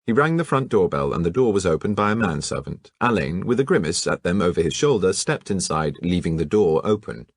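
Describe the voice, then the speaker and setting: Expressive low-voiced man narrating. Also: brisk, hardly any pauses, breathy edge. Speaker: audiobook narrator. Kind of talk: scripted narration.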